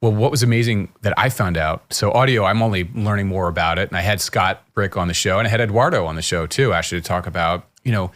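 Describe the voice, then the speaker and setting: A middle-aged man hosts a relaxed podcast conversation, talking in a slightly low voice. He tells stories in a loose, rambling way and often restarts his sentences. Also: quick pace, hardly any pauses. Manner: chatty storyteller, frequent restarts. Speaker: podcast host. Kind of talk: casual conversational interview.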